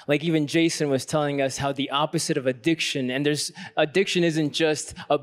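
Speaking a little fast with a steady tone and hardly any pauses, a male Catholic priest tells a personal story at a youth conference workshop. He starts reflective and earnest, then becomes fervent while preaching.

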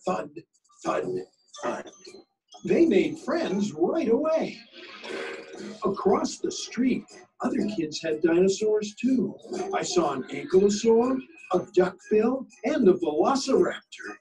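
A male teacher reading a picture book aloud in an expressive, sing-song storytelling manner. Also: sits high, slow pace, pauses often. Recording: distant mic with faint music.

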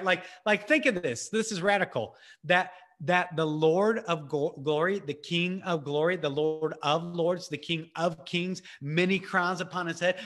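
A young man preaching an animated sermon over a video call, exclaiming often and dropping quick "right?" asides. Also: high-pitched.

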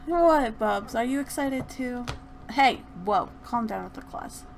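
Young female let's-play host, bright high voice, very animated, gossipy commentary. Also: measured pace, creaky, slight background noise. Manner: animated, gushing, chatty with laughter. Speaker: gaming channel host.

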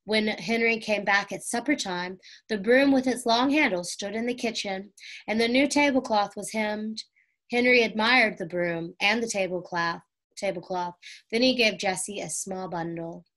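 A woman reading a classic children's chapter book aloud in a gentle, unhurried storytelling manner. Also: medium pitch. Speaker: audiobook reader.

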